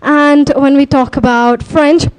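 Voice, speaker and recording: Upbeat young woman speaker, high voice. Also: fairly even intonation, slow pace, a little mellow. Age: 20s. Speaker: guest speaker. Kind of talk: motivational talk.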